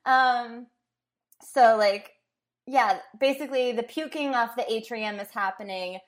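Woman, podcast co-host, casual film chat, giggly, slightly high voice. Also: measured pace. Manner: giggly, gushing, lots of fillers.

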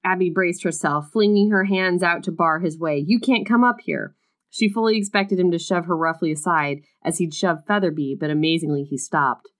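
A woman with a fairly low voice talks casually about a book, slipping into read-aloud narration of its passages. Her manner is playful and chatty, full of "like" and quick jokes. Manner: playful, chatty, uses lots of "like". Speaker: podcast co-host discussing a book.

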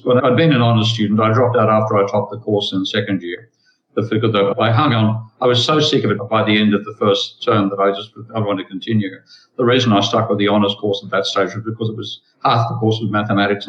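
An older man, a guest telling a story from his student days in a casual chat. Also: lowish voice. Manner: storytelling, reminiscing. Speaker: guest economist. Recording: roomy, dull lo-fi sound.

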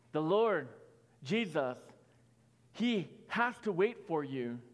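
A man in his thirties preaching a conversational sermon as pastor, telling a story with fillers and swinging between loud emphasis and soft, quiet lines. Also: on the high side. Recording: long hall reverb with soft music.

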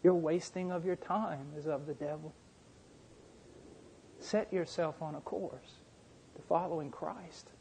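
Middle-aged male preacher, a little high-pitched, emphatic and repetitive, building to fiery sermon delivery. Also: measured pace, creaky, long pauses, slight background noise. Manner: impassioned, rising to shouting fervor. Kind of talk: sermon with storytelling.

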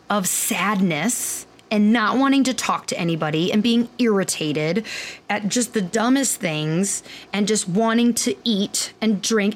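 A woman hosting a podcast, talking candidly in a rambling, casual monologue full of fillers and the odd swear word. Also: mid-range voice. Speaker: podcast host and clinician.

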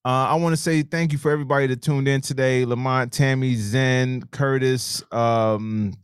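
A man's voice: medium pitch, steady tone, moderate pace, smooth, dry recording, studio quality. A man co-hosting a live show, telling stories animatedly, swearing freely and reading out viewer comments. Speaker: livestream co-host.

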